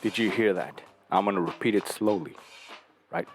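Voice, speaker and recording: Blunt, lecturing man with a low voice. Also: a little slow, faint music behind. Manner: blunt, profane, lecturing with rhetorical questions. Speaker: podcast host giving dating advice. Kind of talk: casual talk.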